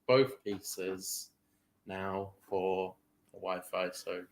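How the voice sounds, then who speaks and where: A man's voice: sits low, monotone, very slow, creaky, poor audio. A man co-hosting a morning talk show, giving brief, offhand replies. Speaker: co-host. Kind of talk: casual chat.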